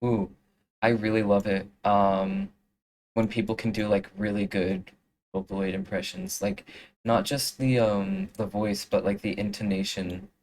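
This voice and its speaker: Young live streamer, unhurried, filler-heavy chat while making art. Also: mid-range voice, big pitch swings, gravelly, a little mellow, slight background noise, rough recording. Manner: rambling, full of fillers and restarts.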